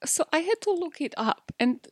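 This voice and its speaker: A woman's voice: high-pitched, sing-song, normal speed, no room sound. Female podcast host, casual and self-deprecating, loose with swearing, dry close sound. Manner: chatty, self-mocking, laughs often, swears freely. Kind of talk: casual true-crime podcast chat.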